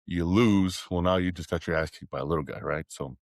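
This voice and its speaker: A man's voice: low voice, a little fast, no room sound, studio quality. A man, a podcast guest from Texas, telling stories in casual, rambling chat and swearing freely.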